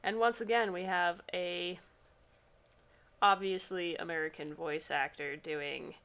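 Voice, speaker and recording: A woman's voice: fairly low pitch, steady tone, a little slow, fairly bright tone. A woman commenting casually on a game she plays, sarcastic and profane. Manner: sarcastic, profane, drawling asides. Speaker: game streamer.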